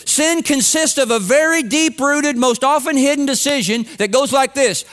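A man's voice: extremely high pitch, expressive, moderate pace, hardly any pauses, fairly bright tone. A man preaching a sermon to his congregation in a conversational, humorous storytelling way. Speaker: pastor. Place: church sanctuary with congregation.

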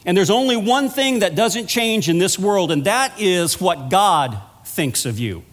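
High-voiced preacher in a reverberant hall. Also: male voice, animated, unhurried. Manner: storytelling preacher, earnest and conversational. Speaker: minister of pastoral care. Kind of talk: sermon.

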